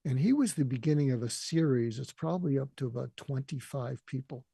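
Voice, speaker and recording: A guest, an older man with a gravelly, husky voice that sounds dark and mellow, tells a deeply personal story with earnest emotion, often quoting other people. His intonation is lively and his pace brisk, captured in a dry, close recording with no echo.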